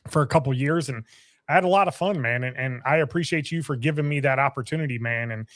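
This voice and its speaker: Plain-spoken guy, mid-range voice, rough talker who swears, dry recording. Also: medium pitch, fast talker, a bit bright, dry recording. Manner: blunt, swears, repeats himself. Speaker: race announcer and driver. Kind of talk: casual chat.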